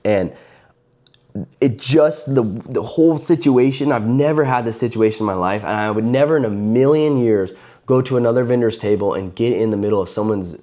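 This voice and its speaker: A man's voice: mid-range voice, normal speed, mellow. A man telling a casual, rambling story to camera about a card vendor encounter, with many fillers and restarts.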